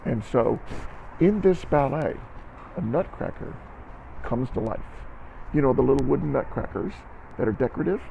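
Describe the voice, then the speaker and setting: A man's voice: medium pitch, lively intonation, normal speed, vocal fry, pauses often, narrow, tinny audio, slight background noise. A man teaching a recorded band lesson to students, encouraging them and counting beats aloud.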